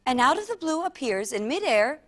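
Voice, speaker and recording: A woman performing a comic story in a theatrical, animated way, with laughing asides. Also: high voice, brisk, very noisy.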